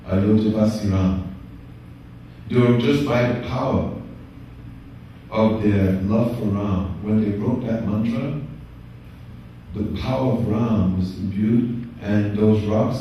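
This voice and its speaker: Brief: male spiritual teacher, devotional storytelling, low mellow voice, faint background ambience. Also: dull audio, slight background noise. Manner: calm, rhythmic storytelling in short phrases. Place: yoga studio opening. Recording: echoey room, distant mic, faint ambience.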